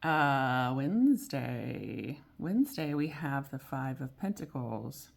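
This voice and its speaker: A woman giving a casual weekly tarot reading, rambling and correcting herself as she goes, gentle and encouraging, with frequent small laughs. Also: very deep voice, sing-song, takes it slowly, vocal fry, a little hiss or hum. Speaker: tarot reader.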